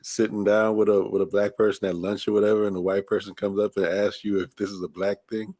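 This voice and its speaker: A man in casual chat, relaxed and laughing as he talks. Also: lowish voice, fast talker, slight background noise.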